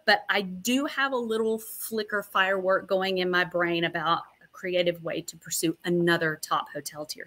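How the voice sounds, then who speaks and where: A woman's voice: fairly low pitch, pushed and bright. A middle-aged woman, a nurse, telling stories as an interview guest in a chatty, long-winded, self-deprecating way. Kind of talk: casual interview storytelling.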